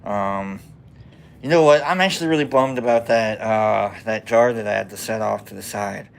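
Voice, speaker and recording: A man with a Nebraska accent hosts a mushroom-growing livestream and chats casually in a fairly low, gravelly voice at a normal speed. His talk rambles, and he jokes about himself, often trailing off into a mumble.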